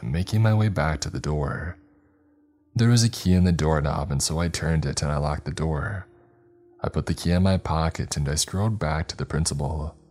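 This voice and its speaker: A man narrating a first-person horror story in a steady, scripted storytelling manner. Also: very deep voice.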